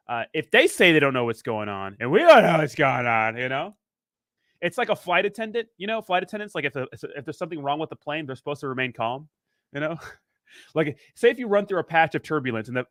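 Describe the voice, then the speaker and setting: A man's voice: on the high side, a bit bright, no room sound, studio quality. A man hosting a casual crypto livestream, rambling and joking as he reads viewer comments aloud.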